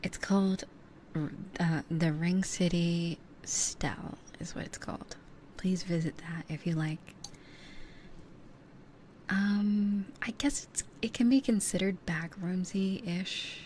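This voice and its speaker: Slowly and in a steady tone, a young female streamer whispers casual chat into a close binaural ASMR mic, her voice sitting slightly low for a woman. She rambles from one thought to the next with lots of fillers, and a faint hiss runs underneath.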